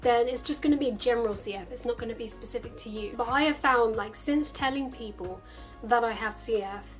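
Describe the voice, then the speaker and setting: A woman's voice: fairly high pitch, fairly quick, faint music behind. A young adult woman vlogging casually to camera in a chatty, upbeat way, acting out the lines of other people now and then.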